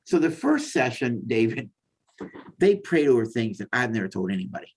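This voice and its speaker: Husky-voiced man telling his story. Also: medium pitch, sing-song, normal speed, darkish tone. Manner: heartfelt storytelling, acts out dialogue. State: tearful at times. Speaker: therapist guest. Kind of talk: personal testimony in conversation.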